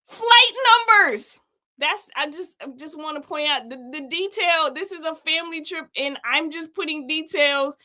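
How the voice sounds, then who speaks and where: A woman's voice: sits high, moderate pace, hardly any pauses, pushed and bright. A woman hosting a livestream, talking in a blunt, mocking way and laughing often as she goes through documents for her viewers. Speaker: host. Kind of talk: livestream commentary.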